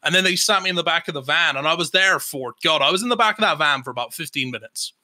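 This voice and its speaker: A young man with an English accent tells a story on a casual podcast. His voice is fairly high and very bright. He talks in an animated, rambling way, full of fillers and swearing. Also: fast. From England. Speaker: podcast host.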